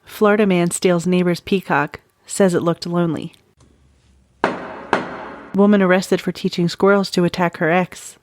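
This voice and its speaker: A woman's voice: lowish voice, steady tone, normal speed, pauses often, noisy background. A woman hosting a comedic true crime podcast in casual chat, often breaking into cackling laughter. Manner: giggly, keeps breaking into loud cackling laughter. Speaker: podcast host.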